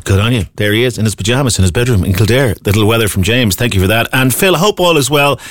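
Chatty radio host, dry studio sound. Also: male voice, medium pitch, lively intonation, fast talker, dry recording. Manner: chatty, upbeat, reads out listener messages. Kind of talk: breakfast radio chat. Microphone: studio microphone.

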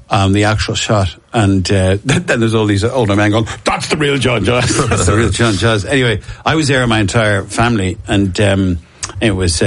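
A man's voice: on the low side, dry recording. A middle-aged Irish man telling long rambling stories in casual chat, with lots of restarts and chuckles. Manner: rambling storyteller, many restarts and laughs.

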